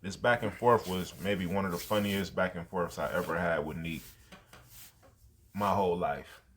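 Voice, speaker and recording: A man's voice: low voice, fairly even intonation, moderate pace, fairly bright tone, a little hiss or hum. A man hosting a podcast, telling a story in a laid-back, slangy way with plenty of fillers. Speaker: podcast host. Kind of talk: casual storytelling chat.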